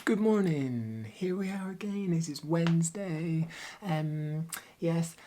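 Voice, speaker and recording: A man's voice: a little high, takes it slowly, mellow, a little hiss or hum. A man talking casually to camera at home, chatty and upbeat with plenty of filler ums. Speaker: vlogger and workplace trainer.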